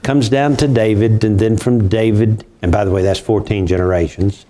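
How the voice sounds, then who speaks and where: A man's voice: lowish voice, steady tone, moderate pace, mellow. Older man discussing scripture. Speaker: Bible prophecy show host. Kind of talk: conversational Bible study.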